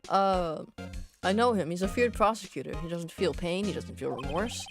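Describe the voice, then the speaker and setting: A woman's voice: on the low side, lively intonation, moderate pace, over music. A woman voicing a young male defense lawyer, hesitant and stammering. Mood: uneasy.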